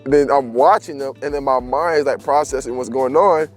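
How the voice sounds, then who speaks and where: A man's voice: mid-range voice, a little fast, soft background music. A young man telling a story in casual, slangy chat and laughing as he goes.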